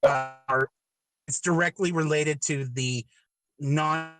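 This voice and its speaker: A man hosting a casual podcast who asks questions in a halting way, repeating words and hedging as he goes. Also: fairly high pitch, fairly even intonation, fairly bright tone, faint music behind, poor audio. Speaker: podcast host. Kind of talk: casual chat, asking questions.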